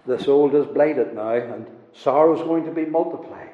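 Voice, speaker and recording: A man's voice: mid-range voice, normal speed. A man preaching a sermon with emphatic, rising and falling delivery, repeating key words for force. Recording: echoey hall, dull lo-fi sound.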